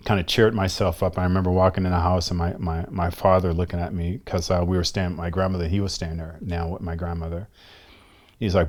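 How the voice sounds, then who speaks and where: A middle-aged man from the United States, a guest telling a personal story in a halting, reflective way. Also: sits low. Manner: halting, reflective, slows down often.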